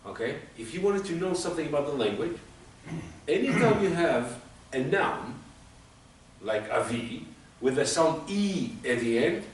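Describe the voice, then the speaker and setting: Lively patient Hebrew teacher, man. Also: medium pitch. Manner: patient, explains and praises students. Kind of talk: classroom teaching. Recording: echoey room, mic far off.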